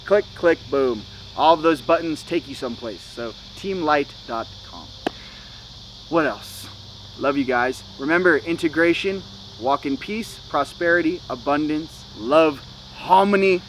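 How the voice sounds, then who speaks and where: A man's voice: a little high, animated, measured pace, slight background noise, poor audio. A young man hosting a spiritual vlog, talking in a loose, slangy way with many "you know"s and "okay"s. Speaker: spiritual channel host. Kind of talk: casual spiritual vlog talk.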